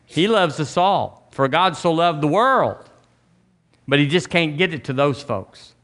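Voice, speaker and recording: A man's voice: on the high side, animated, a little slow, a bit bright. A man pastor preaching to his congregation with a folksy, emphatic delivery. His voice sits a little above the usual male range and lifts sharply when he drives a point home. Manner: folksy, emphatic preaching with rising bursts on key lines. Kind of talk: sermon. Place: church sanctuary.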